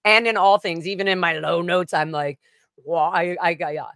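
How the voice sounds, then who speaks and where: A woman's voice: fairly low pitch, a little fast, fairly bright tone, no echo, studio quality. A woman singer being interviewed over a video call, talking casually in loose, rambling sentences with plenty of swearing.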